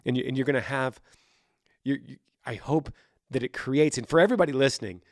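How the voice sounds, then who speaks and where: A man in his thirties hosting a faith podcast, answering a listener in earnest, animated casual talk with frequent restarts, sometimes acting out quoted voices. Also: medium pitch, brisk, no echo, studio quality. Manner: frequent restarts and repeated words. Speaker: podcast host.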